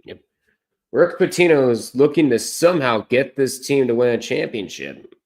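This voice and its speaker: A man's voice: medium pitch, animated, moderate pace, darkish tone. A man streaming college basketball, talking off the cuff in a loose, rambling way. He keeps correcting himself mid-sentence and jokes at his own expense. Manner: rambling, self-correcting, self-deprecating. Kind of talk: casual live-stream commentary.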